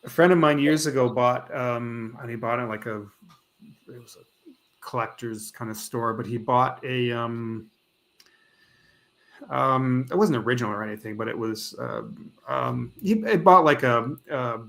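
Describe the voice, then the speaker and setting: A man's voice: mid-range voice, a little slow, gravelly, a bit bright. A man in a casual podcast conversation, rambling and searching for his words. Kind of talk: casual chat.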